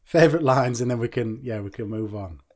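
A man co-hosting a casual film podcast, agreeing and laughing easily as he talks through favourite lines. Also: mid-range voice. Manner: easygoing, agreeable, quick to laugh. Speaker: podcast co-host.

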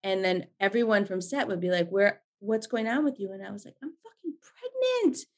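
A woman in her forties, a podcast guest, telling stories in a lively, chatty way and swearing freely. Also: mid-range voice, a little fast. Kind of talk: casual storytelling chat.

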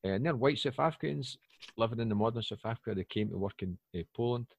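Fast-talking husky British man. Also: medium pitch, no room sound, muffled recording. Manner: rambling, animated storyteller with many fillers. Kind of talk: casual chat. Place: lives in Poland.

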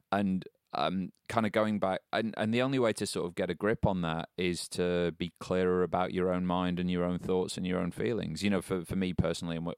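A man's voice: sits low, smooth, no room sound, studio quality. A man co-hosting a casual podcast, reflecting aloud and explaining ideas, often restarting his sentences. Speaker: podcast co-host.

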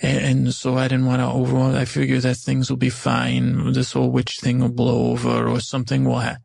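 Brief: male comic storyteller, husky gravelly voice, flat delivery, dry close sound. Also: medium pitch, fairly quick, no echo. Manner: rambling, full of restarts and quoted dialogue. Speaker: comedic storyteller. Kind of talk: improvised comedic storytelling.

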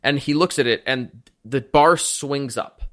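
A man's voice: mid-range voice, measured pace, a bit bright. A man narrating a tabletop role-playing game as game master, playful.

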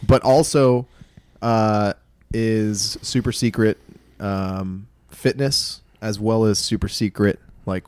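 A man's voice: on the low side, steady tone, slow, darkish tone, smooth, no echo. Dry-voiced male podcast host, joking. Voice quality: profane, joking banter. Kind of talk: casual chat.

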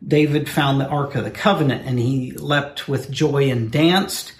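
A man's voice: mid-range voice, unhurried. A man co-hosting a casual podcast about faith, talking in a playful way with joking asides. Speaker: podcast co-host. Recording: roomy echo, faint room noise.

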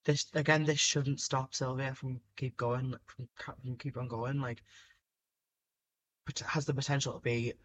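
A man's voice: mid-range voice, level tone, measured pace, fairly bright tone. Sweary male podcast co-host, faint hiss. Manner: blunt, sweary, enthusiastic. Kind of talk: casual chat.

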